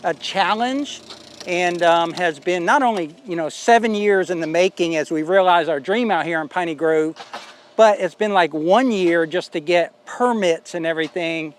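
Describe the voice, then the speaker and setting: A man's voice: sits high, normal speed. A man vlogging outdoors at a building site, talking in a folksy, rambling way with plenty of fillers. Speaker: homestead vlogger. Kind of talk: casual vlog walkthrough.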